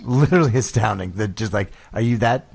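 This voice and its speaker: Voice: medium pitch, brisk, vocal fry, a little mellow, a little hiss or hum. A podcast co-host chatting casually, laughing hard and swearing. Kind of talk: casual chat.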